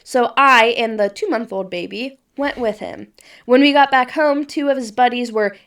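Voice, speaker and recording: A woman's voice: on the high side, normal speed, fairly bright tone. A young woman co-hosting a casual podcast, giggly and bubbly, reading posts aloud and adding asides. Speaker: podcast co-host.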